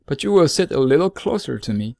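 A man's voice: medium pitch, big pitch swings, vocal fry, a little mellow, no echo, studio quality. A man voicing a wise lonely fox. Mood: earnest. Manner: earnest, measured, explaining slowly. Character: gentle lonely male fox, wise and patient. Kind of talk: storybook reading.

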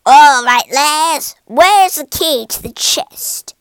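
A woman voicing a mean, sneering male pirate captain in a storybook reading, gruff, loud and bossy. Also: high-pitched, animated, slow pace, dry recording, exaggerated voice. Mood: menacing.

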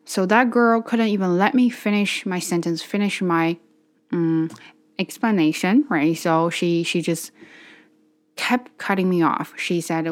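A woman's voice: lowish voice, a little slow. A young adult woman telling a personal story for her vlog, candid and wordy, with many restarts and fillers. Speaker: vlogger.

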